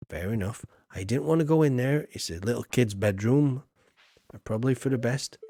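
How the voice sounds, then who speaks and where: Male streamer, husky, mid pitch, rambling cheeky gameplay chatter. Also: animated, moderate pace, a little mellow. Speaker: game streamer. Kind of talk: casual gameplay commentary.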